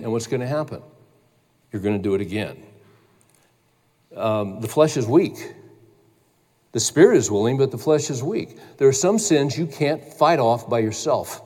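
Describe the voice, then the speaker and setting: A man's voice: medium pitch, animated, a little slow, pauses often, a little mellow. A man preaching a sermon as a pastor, earnest and emphatic, building in intensity as he urges his listeners. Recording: long hall reverb.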